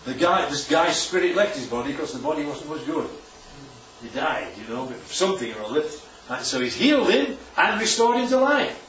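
This preacher's voice is a little high and fairly bright, brisk, with big pitch swings. He addresses a congregation informally in a church hall with slides, frequently adding "right?" and "isn't that lovely?" A little hiss or hum comes through the roomy, distant, dull recording.

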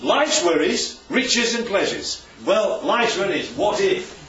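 Speaking slowly in a high, fairly bright and very lively voice, this man leads a small church Bible study, peppering the group with questions and jokey asides. He's a preacher, captured in a dull, distant, roomy lo-fi recording.

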